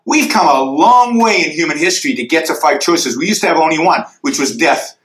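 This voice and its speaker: A man with a high, bright, forceful voice gives an emphatic answer in a lecture Q&A. He drives his points home with repeated rhetorical questions. The sound is roomy and echoey, as from a lecture hall. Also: lively intonation, normal speed, few pauses. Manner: emphatic, drawing graphs in the air for the audience.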